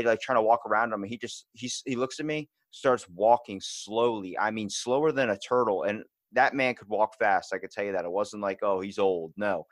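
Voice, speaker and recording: Male podcast guest, animated storyteller, dry close mic. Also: on the low side, dry recording. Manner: fast-talking, animated storytelling. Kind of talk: casual chat.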